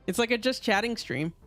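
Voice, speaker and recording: A man with a slightly high voice chats loosely while streaming a game. He rambles, stacking fillers between thoughts. Soft music plays quietly behind him. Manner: relaxed, rambling, chatty with fillers. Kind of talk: casual gaming stream chat.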